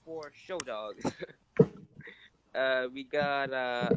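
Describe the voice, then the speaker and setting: A man with a sore throat presenting award nominees in a loose, halting, profane way. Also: mid-range voice, a bit bright, muffled recording, slight background noise. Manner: hesitant, full of fillers and swearing. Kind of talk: casual comedic awards chat.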